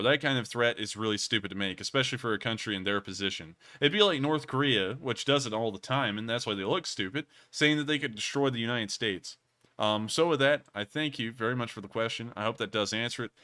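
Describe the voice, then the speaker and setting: A man's voice: mid-range voice, fairly quick, sharp tone. A man hosting a casual livestream Q&A, rambling and repeating stock phrases as he answers viewers. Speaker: host. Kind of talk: livestream commentary and Q&A.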